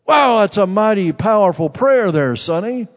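A frail, sweet elderly aunt speaks in a high, quavering voice, as a preacher puts her on. Her words ring out with a long hall reverb. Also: animated, normal speed. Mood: amazed. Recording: long reverb in a large room.

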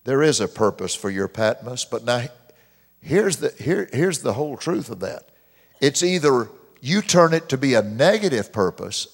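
A man preaching a sermon as pastor, stretching out key verses slowly and loudly, with dramatic emphasis. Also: very animated, creaky. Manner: mimics complainers in a high whiny voice. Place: church sanctuary. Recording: long reverb of a church hall.

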